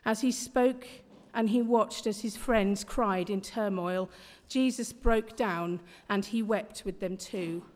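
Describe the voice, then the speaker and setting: A woman reading a rhyming Bible story in a slow, measured, expressive way. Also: mid-range voice. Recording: long hall reverb.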